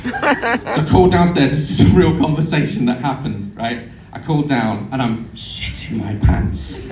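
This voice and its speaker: A man in his thirties telling sweary, animated comic stories to a live audience in a theatre. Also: mid-range voice, moderate pace. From United Kingdom. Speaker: YouTuber on stage. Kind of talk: live comedy storytelling. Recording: echoey hall with crowd noise.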